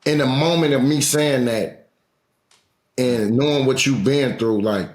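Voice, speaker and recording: A man's voice: mid-range voice, unhurried, reverberant. A man hosting a podcast in casual chat, loose and full of slang. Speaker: podcast host.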